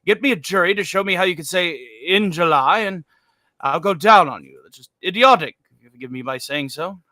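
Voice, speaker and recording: A man's voice: high voice, lively intonation, a little fast, pushed and bright, no echo. A man doing an impression of a pompous, irritable older actor, reading ad copy with haughty, sweeping emphasis in a comic dramatic reading. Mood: scornful.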